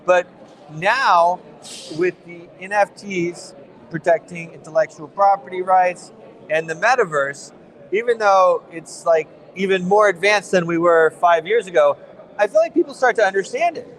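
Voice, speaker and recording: High-voiced american guy interviewing at a conference, chatty, kinda rambly. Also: moderate pace, a bit bright, rough recording. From United States. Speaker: interviewer at a crypto event. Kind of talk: casual on-site interview. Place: conference venue.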